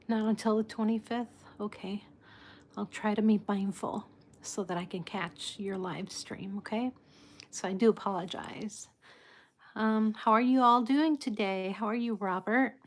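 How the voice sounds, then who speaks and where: Slow, soft-spoken woman chatting on a livestream. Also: mid-range voice, steady tone, a little hiss or hum. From United States. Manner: soft-spoken, apologetic, chatty, laughs often. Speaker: livestream host. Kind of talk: casual live chat with viewers.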